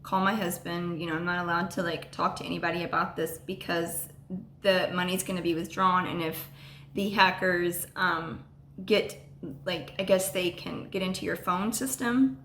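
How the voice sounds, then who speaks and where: A woman telling a personal story on a vlog, halting and full of ums and restarts. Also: fairly low pitch, fairly even intonation, a bit bright, reverberant, slight background noise. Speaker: vlogger.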